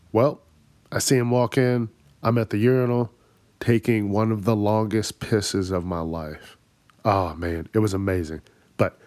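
Slow, dry-voiced man ranting profanely. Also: fairly low pitch, darkish tone, dry recording. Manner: profane, exasperated, laughs at his own jokes. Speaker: podcast host. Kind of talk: solo comedic rant.

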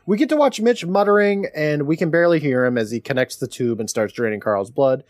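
A podcast co-host with a slightly high voice retells a horror episode fairly quickly, animated and laughing as he jokes through the story. The studio recording is clean and dry, with soft music in the background.

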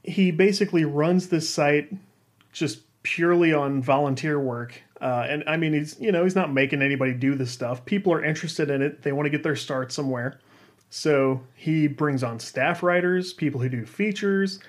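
Rambling self-deprecating man, fairly high voice. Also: normal speed. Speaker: freelance games writer. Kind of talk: casual personal storytelling.

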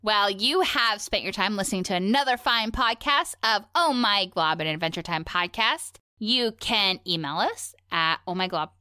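Bright, giggly female podcast co-host. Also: mid-range voice, animated, moderate pace, hardly any pauses, dry recording, clean studio sound. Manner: giggly, teasing quizmaster. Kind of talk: casual chat.

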